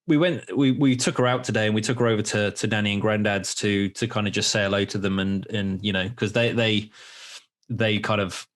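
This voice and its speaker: A young adult man hosting a podcast, telling rambling, animated stories in casual chat with many restarts. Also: lowish voice, fairly quick. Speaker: podcast host.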